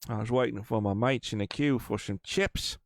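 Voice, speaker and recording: A man's voice: medium pitch, normal speed, no echo, clean studio sound, lightly acted. A man putting on a mock Cockney accent, voicing a casual, chummy London bloke. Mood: jokey. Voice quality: exaggerated put-on accent.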